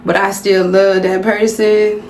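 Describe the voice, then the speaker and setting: A young woman from the American South talks in a loose, slangy way, calling her viewers y'all. Her voice sits at an ordinary pitch for a woman. The room around her sounds roomy, with a faint hiss under everything. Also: little pitch movement, a little slow, vocal fry, darkish tone. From Southern United States. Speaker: vlogger. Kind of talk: casual chit-chat vlog. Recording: roomy home recording with faint background noise.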